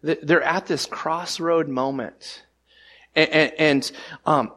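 A man preaches a sermon from the pulpit, pushing key lines up loud and high, then dropping to hushed, slower phrases. He stammers and restarts often in an unscripted way. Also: steady tone. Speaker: pastor.

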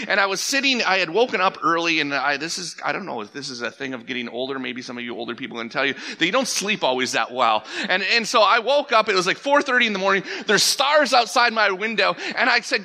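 Bright-voiced man preaching earnestly. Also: a little high, lively intonation, a little fast. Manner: earnest, conversational, with many restarts and rising emphatic peaks. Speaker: pastor. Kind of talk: sermon. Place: church sanctuary.

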